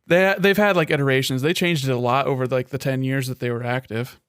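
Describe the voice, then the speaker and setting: Male co-host, smooth and clear tone, laid-back, with lots of "like" and "uh", dry close sound. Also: mid-range voice, fast talker, no room sound. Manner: relaxed, hesitant with fillers. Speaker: podcast co-host. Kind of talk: casual gaming podcast chat.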